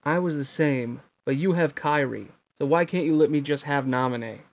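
A man's voice: fairly high pitch, normal speed, natural voice. A man voicing a resentful teenage boy swordsman who taunts coldly, in a storybook reading. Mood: bitter, taunting. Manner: cold, taunting.

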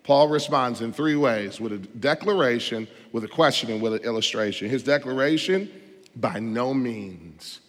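A man pastor delivering a sermon in church, emphatic and full of rhetorical questions, swinging between loud stresses and quiet asides. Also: medium pitch, moderate pace, hardly any pauses. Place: church sanctuary. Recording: long hall reverb.

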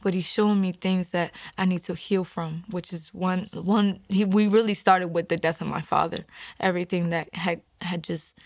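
A woman's voice: lowish voice, steady tone, moderate pace, no room sound, studio quality. A young woman telling her faith testimony in an earnest, rambling way, full of "like" fillers and dropping to a whisper when she quotes her own thoughts. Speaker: guest giving a faith testimony. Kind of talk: emotional personal testimony.

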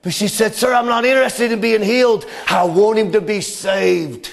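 Male preacher, high-pitched, impassioned storyteller, booming then hushed. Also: steady tone, moderate pace, creaky. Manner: impassioned storytelling preacher, swinging between loud cries and hushed drops. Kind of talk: sermon.

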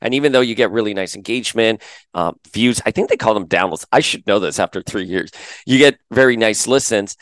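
Low, smooth-voiced man hosting a fan podcast. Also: fairly quick, no room sound. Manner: animated, restarts words often. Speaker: podcast host. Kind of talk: casual chat to camera.

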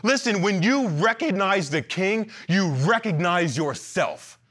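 A man preaching an animated, emphatic sermon to a church, repeating lines and joking between points. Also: sits high, takes it slowly, slightly rough. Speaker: pastor.

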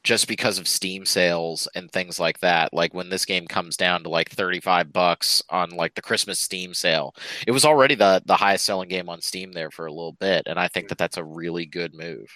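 A man's voice: low voice, steady tone, brisk, pushed and bright, no echo, poor audio. A man co-hosting a casual chat about games, joking and often repeating words as he starts a thought. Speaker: podcast co-host. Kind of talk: casual game discussion chat.

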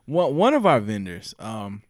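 A young man hosting a podcast in a loose, joking, profane way. His voice sits low, and the recording is completely dry, with no room sound at all. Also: sing-song, a little slow, no room sound. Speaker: podcast host. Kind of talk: casual podcast chat.

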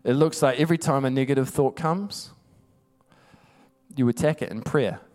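A man's voice: mid-range voice, normal speed, a little mellow. A male preacher giving a sermon, emphatic and conversational, telling stories.

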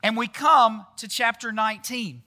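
A man's voice: very high voice, measured pace, sharp tone. A man giving a casual sermon, chatty and often quizzing the audience with questions. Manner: chatty, often tags lines with "right?". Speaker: pastor.

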